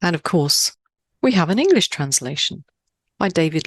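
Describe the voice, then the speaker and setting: Low-voiced woman hosting a podcast. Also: big pitch swings, normal speed, dry recording, clean studio sound. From Switzerland. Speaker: podcast host. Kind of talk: scripted podcast narration.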